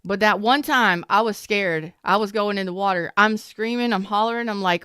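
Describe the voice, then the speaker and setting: Woman tarot reader, casual and emphatic, smooth clear voice, dry close sound, repeats herself for effect. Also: medium pitch, fairly even intonation, brisk, few pauses, fairly bright tone, no room sound. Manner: repetitive, emphatic, storytelling. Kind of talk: casual spoken tarot reading.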